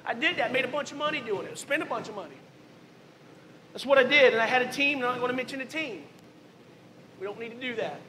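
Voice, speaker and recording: A man's voice: extremely high pitch, expressive, fast talker, sharp tone, echoey room, a little hiss or hum, poor audio. A man pastor giving a candid testimony sermon, telling his life story in a conversational way, full of asides. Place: church sanctuary.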